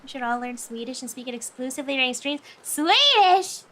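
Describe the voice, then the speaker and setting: A young woman streaming late at night, chatting casually with viewers, tired but giggly and animated. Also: sits high, racing. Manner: giggly, animated, often laughs.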